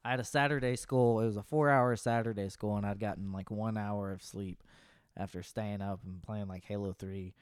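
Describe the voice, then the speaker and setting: A man's voice: on the low side, fairly even intonation, normal speed, smooth, no echo, studio quality. Laid-back man in his late twenties. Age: late 20s. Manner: laid-back, rambling, laughs often. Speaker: podcast co-host. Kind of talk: casual chat.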